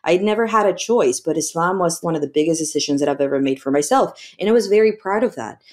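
A woman from Mexico, a makeup artist guest, telling her story in a lively, conversational way, acting out dialogue and often laughing. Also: low voice, fast talker. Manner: animated, acts out quoted dialogue, laughs often.

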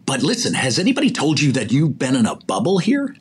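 Older man, husky, animated storyteller. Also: medium pitch, quick pace. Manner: animated storyteller who acts out quoted dialogue and chuckles mid-sentence. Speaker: interview guest, executive recruiter. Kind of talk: storytelling in a podcast conversation.

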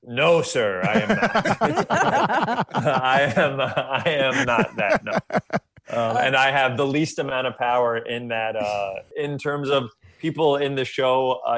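A man's voice: mid-range voice, a bit bright. Male actor from New York, interview guest, joking and self-deprecating. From New York, USA. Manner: quick, laughing, self-deprecating. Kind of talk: casual interview chat.

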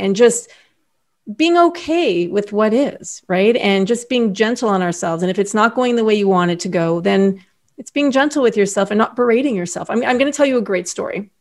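A middle-aged woman talking as a podcast guest, telling an animated story and acting out other people's lines. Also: medium pitch, moderate pace. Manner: animated storyteller, acts out quoted voices. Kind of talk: casual interview chat.

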